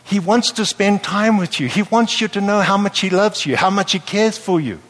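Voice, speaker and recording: A man preaching a sermon to a live audience in a lively, playful way, often checking that his listeners follow him. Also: high voice, normal speed. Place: church hall with a live audience. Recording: long hall reverb.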